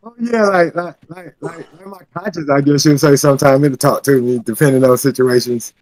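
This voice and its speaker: A man's voice: on the high side, a little fast, darkish tone. A man talking as a podcast guest, hesitant and full of fillers. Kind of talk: casual group chat.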